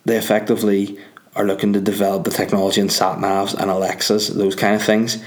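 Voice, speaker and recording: A man's voice: on the low side, little pitch movement, brisk. A man with a Northern Irish accent, a comedian hosting his podcast, rambling and joking in a sleepy late-night monologue. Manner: rambling, joking, swearing freely. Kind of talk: casual monologue.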